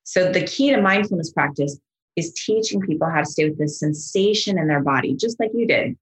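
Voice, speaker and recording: Middle-aged woman psychologist on a podcast, slightly low voice, gentle and enthusiastic, does soft soothing voices. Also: lively intonation, fairly quick, rough recording. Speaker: psychologist and mindfulness expert, guest. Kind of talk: podcast interview, explaining.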